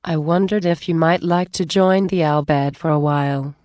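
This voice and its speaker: Wry male officer with dry, teasing jabs, read by a woman, low and slow, dry close sound. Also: darkish tone, no room sound, lightly acted.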